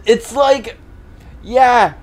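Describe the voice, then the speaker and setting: A man's voice: very high-pitched, very slow. A man co-hosting a podcast in loose, rambling casual chat, laughing often and swearing freely. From Oregon, US. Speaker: podcast co-host.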